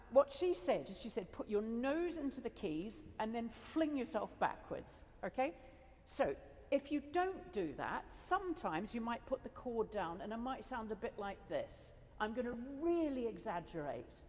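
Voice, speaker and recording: After the competition, the organist adjudicator talks to the crowd in a school hall where her words ring out with lengthy reverb. Her pitch is fairly high and her delivery very animated at an ordinary speed, eager and talkative, sprinkled with laughter and side remarks.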